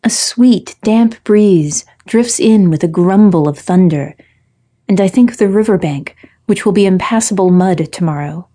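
A woman narrating a first-person fairy tale story in a measured, literary, reflective way. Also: lowish voice, mellow.

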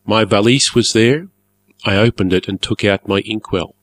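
A man narrating a story in a measured, formal, wry manner. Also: fairly low pitch, fairly bright tone, no echo.

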